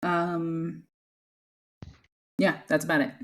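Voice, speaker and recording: A woman's voice: fairly low pitch, level tone, takes it slowly. A woman running a tabletop game as game master, easygoing and often laughing.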